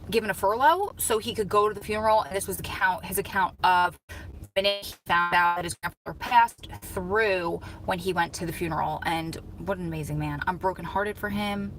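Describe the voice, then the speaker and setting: A woman's voice: mid-range voice, fairly even intonation, moderate pace, a bit bright, a little hiss or hum, low-quality recording. A woman in her thirties hosting a live chat and reading viewer comments, talking in an earnest, heartfelt way. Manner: earnest, heartfelt, talks through tears at times. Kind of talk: emotional casual live chat.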